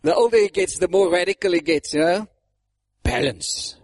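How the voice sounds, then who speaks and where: High-voiced animated male preacher. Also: normal speed, no echo. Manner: animated, acts out mocking voices, laughs often. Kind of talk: sermon.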